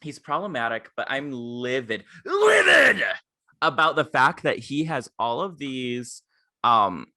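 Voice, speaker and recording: A man's voice: mid-range voice, a little slow, sharp tone, no echo, clean studio sound. A man co-hosting a podcast in casual chat, rambling with stammered restarts and plenty of fillers. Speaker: podcast co-host.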